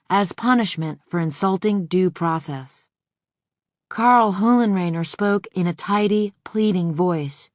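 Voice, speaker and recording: Female audiobook narrator, steady scripted read, dry booth sound. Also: on the low side, no room sound.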